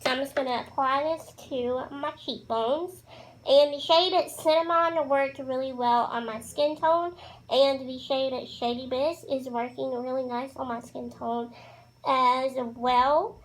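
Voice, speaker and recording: A woman's voice: high voice, fairly even intonation, measured pace, poor audio. A woman chatting casually through a makeup tutorial, bubbly and gushing about the products. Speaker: beauty vlogger.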